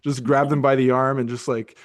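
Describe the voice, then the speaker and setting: A middle-aged man in his podcast host's chair, talking at an everyday middle pitch. He rambles through a story in a loose, conversational way, stopping often to restart his sentences. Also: little pitch movement, a little fast. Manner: rambling, many restarts and fillers. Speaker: podcast host.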